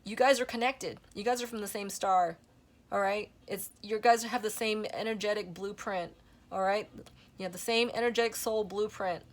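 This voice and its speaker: A woman's voice: mid-range voice, steady tone, normal speed. Gushing woman doing a tarot reading. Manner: gushing, breathy exclamations, repeats "okay?" and "you know". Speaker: tarot reader. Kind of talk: spiritual tarot reading to camera.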